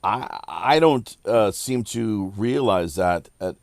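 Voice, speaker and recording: A man's voice: on the low side, expressive, vocal fry, darkish tone, no room sound, clean studio sound. A man hosting a casual podcast round-table, rambling with lots of fillers. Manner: rambling, filler-heavy, deliberate. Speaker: podcast host.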